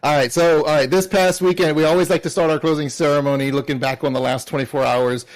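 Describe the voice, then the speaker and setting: A man's voice: on the high side, fairly even intonation, quick pace. A man co-hosting a charity closing ceremony, upbeat and laughing easily as he reads names from chat. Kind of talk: casual live-stream chat.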